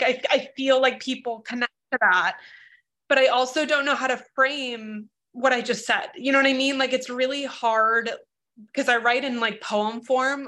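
Over a video call, a woman in a group writing workshop earnestly and emotionally describes her struggles with writing, using many fillers in the casual discussion. Her voice is on the high side, bright and forceful.

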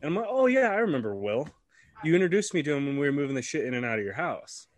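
A young man tells a story in a casual, animated way, swearing freely and acting out what people said. His voice sits at a middle pitch. The sound is dry and close. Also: racing, dry recording. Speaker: podcast co-host.

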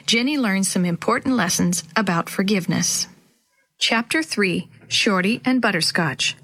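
A woman reading a chapter book aloud to children as host, with clear, expressive storytelling. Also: mid-range voice.

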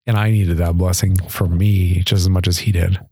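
Male podcast guest, earnest storyteller, low and mellow, dry close sound. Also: level tone, normal speed, breathy edge, dry recording. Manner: earnest, chatty, laughs between sentences. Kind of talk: casual storytelling.

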